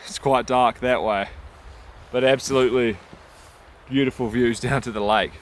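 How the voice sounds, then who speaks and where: A man's voice: mid-range voice, moderate pace, rough recording. Chatty kiwi guy vlogging from a snowy camp, wind roaring on the mic. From New Zealand. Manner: relaxed, chatty, to the camera. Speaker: outdoor vlogger. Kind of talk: casual vlog narration. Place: outdoors in a snowstorm and a camp shelter.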